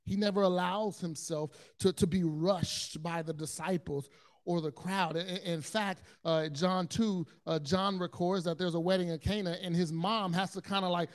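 A man with a notably high voice delivers a sermon in an earnest, storytelling way. He often stumbles over his words, repeating and restarting them. His delivery moves between quiet, low stretches and loud, intense bursts. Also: steady tone, moderate pace. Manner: swings between hushed low passages and loud, intense ones. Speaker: pastor.

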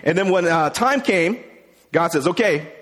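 A man's voice: sits high, animated, unhurried, fairly bright tone. A man preaching a sermon as a pastor, retelling a Bible story in a casual way with many fillers. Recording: long hall reverb.

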